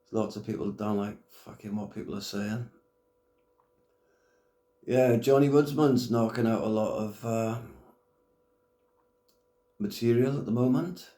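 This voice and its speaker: A man's voice: fairly low pitch, measured pace, long pauses, mellow, reverberant. A middle-aged man ranting casually to camera, blunt and full of swearing and slang. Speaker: YouTube commentator.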